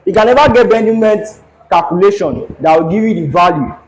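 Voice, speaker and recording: A man's voice: sits high, expressive, fast talker, a little hiss or hum, poor audio. A man teaching a classroom engineering lecture at a board, who keeps repeating his questions so the students will answer.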